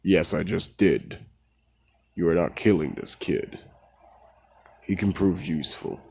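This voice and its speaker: A man voicing a calm, shadowy male mist villain who works as a bartender, speaking in a quiet, measured, commanding way. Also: deep voice, vocal fry, husky, heavily acted. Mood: quiet, stern.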